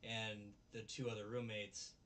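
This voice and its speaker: A man casually recapping an anime episode with animated retelling, recorded on a distant mic with faint background noise. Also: fairly low pitch, measured pace. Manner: animated retelling, acts out characters' lines. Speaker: anime review host.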